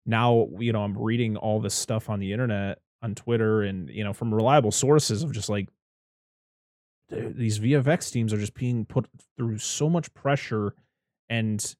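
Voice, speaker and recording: A man's voice: on the low side, normal speed, dry recording. Chatty man rambling about movies, dry sound. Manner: rambling, animated, swears casually. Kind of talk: casual movie review chat.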